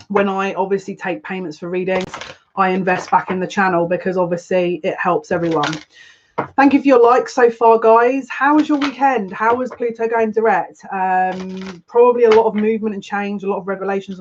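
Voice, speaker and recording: Speaking at normal speed with fairly even intonation and a medium pitch, this woman is a tarot reader running a relaxed live psychic stream. She rambles chattily and welcomes viewers by name, over dull lo-fi audio carrying faint noise.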